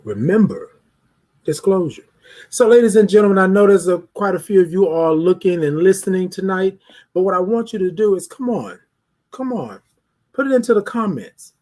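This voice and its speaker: A man's voice: sits high, expressive, moderate pace, a little mellow. A man hosting a live show, talking straight to his viewers in an emphatic, preachy monologue. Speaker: host of a live talk show. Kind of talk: motivational live-stream monologue.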